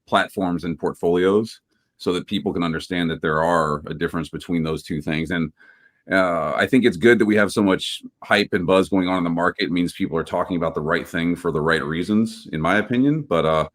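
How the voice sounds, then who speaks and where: Deep-voiced man on a panel call. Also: a little fast. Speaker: panel guest, security expert. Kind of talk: casual panel discussion.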